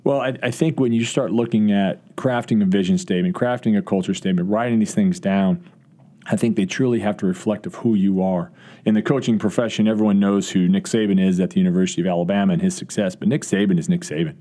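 A man's voice: fairly low pitch, fairly even intonation, quick pace, mellow. A man who is a college football coach, answering interview questions earnestly, with frequent restarts and fillers. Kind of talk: podcast interview.

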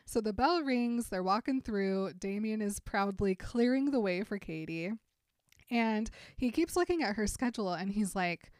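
A woman co-hosting a casual chat, calmly retelling a movie scene by scene and quoting the characters in a dry way. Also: medium pitch, moderate pace, dry recording. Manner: relaxed storyteller, quotes characters dryly.

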